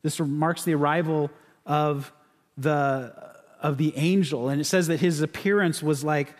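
Conversational pastor in a reverberant sanctuary. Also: male voice, a little high, fairly even intonation, unhurried. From California. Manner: conversational, with frequent restarts and repeated words. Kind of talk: sermon. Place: church sanctuary. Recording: church sanctuary with long reverb.

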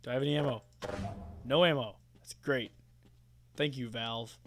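Man, let's play commentary, profane shouting, sarcastic, clicking keys behind. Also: medium pitch, fairly even intonation, moderate pace, a little hiss or hum. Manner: profane, yelling at enemies; sarcastic asides. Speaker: gamer.

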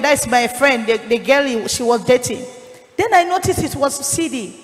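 A woman evangelist, giving an emotional testimony that rises to shouting. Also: sits high, animated, normal speed, long reverb tail. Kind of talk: sermon testimony.

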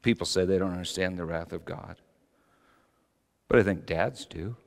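A middle-aged man preaching a sermon, telling stories passionately and rising to shouts. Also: low-pitched, moderate pace, gravelly. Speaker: pastor. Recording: long hall reverb.

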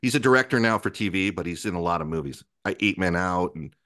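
A man's voice: low-pitched, fast talker, no room sound, clean studio sound. Man telling a rambling, profane story. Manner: animated storyteller who acts out other people's lines; profane, rambling, self-interrupting. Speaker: guest. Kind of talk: casual anecdote telling.

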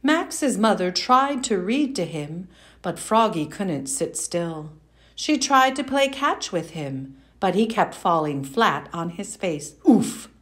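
A woman reading a children's picture book aloud, slow and expressive, with playful sound effects. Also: on the low side. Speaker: storyteller. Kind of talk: children's read-aloud narration.

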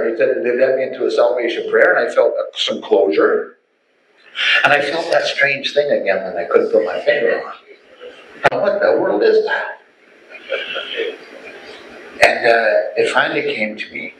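A middle-aged man tells his personal testimony as an animated storyteller who acts out the voices. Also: mid-range voice, moderate pace, a little hiss or hum. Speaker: testimony speaker. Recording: echoey room, faint ambience.

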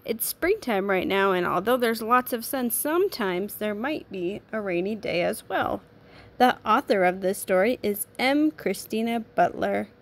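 A woman teacher reading a children's picture book aloud to a class, in clear, sing-song storytelling. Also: mid-range voice, animated, a little slow.

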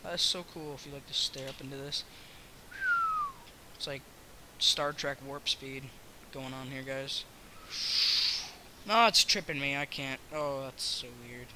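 A young American man rambling and joking through his own Minecraft let's play, yelling in fights. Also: medium pitch, unhurried, long pauses, slight background noise. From United States. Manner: rambling, self-mocking, yells during fights. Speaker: gaming YouTuber.

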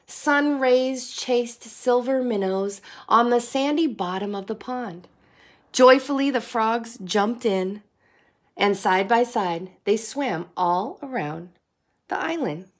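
A woman reading a picture book aloud to children in an expressive, sing-song way, like a teacher. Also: a little high, slow pace. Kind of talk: storybook read-aloud.

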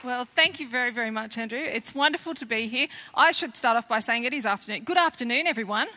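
Aussie lady author telling a kids' story, bright and chatty, big echoey hall. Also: a little high, fast. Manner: lively, expressive, chatty storyteller. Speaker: children's author and former teacher. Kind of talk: storytelling talk to schoolchildren. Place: large festival hall. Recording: long hall reverb.

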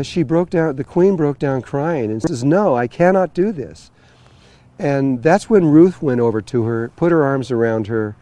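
Mellow-voiced man telling a rambling story. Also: medium pitch, no echo. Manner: rambling, full of fillers and restarts. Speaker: spiritual teacher telling a story. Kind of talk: storytelling talk.

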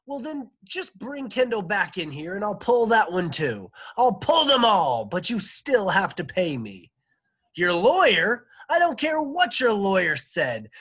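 A man voicing a bossy, harsh female dentist in a read-aloud storybook, with a husky voice. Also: fairly high pitch, fairly bright tone, voice pushed up, heavily acted.

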